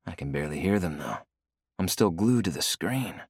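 A young man narrating a first-person novel, wry and expressive, on a close studio mic. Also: sits low, moderate pace, slightly rough, no echo. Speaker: audiobook narrator.

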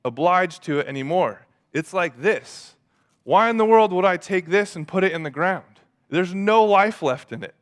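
A man preaching a sermon as pastor in a casual, animated way, often acting out quotes. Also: high voice.

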